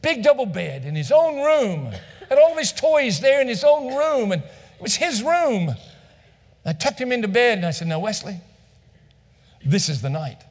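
A man's voice: extremely high pitch, sing-song, normal speed. A male pastor telling a story in a sermon, acting out the dialogue and repeating phrases for effect. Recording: long reverb of a large hall.

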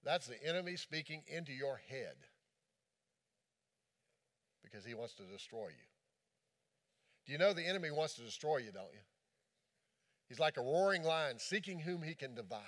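A man preaching as a pastor, impassioned in the sermon and then hushed and gentle as he leads a prayer. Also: a little high, animated, moderate pace, long pauses. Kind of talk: sermon with altar call prayer.

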